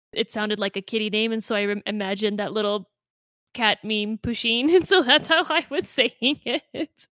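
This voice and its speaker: A woman's voice: mid-range voice, fairly bright tone, no echo. A woman co-hosting a podcast, chatting casually and gushing about a book, swearing freely. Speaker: podcast co-host. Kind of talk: casual book-club chat.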